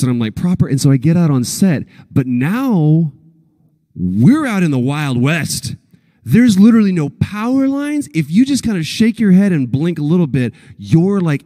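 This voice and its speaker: Animated, lively man telling a story. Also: no room sound, studio quality, long reverb tail. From Texas. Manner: animated storyteller, acts out quotes with big pitch jumps. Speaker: panel guest. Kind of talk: storytelling at a convention panel. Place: convention hall stage.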